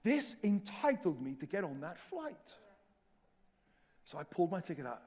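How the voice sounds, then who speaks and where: A man preaching in a church, telling a self-mocking travel story with lively humor. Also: high voice, moderate pace, pauses often, husky. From Wales. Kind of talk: storytelling sermon. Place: church hall.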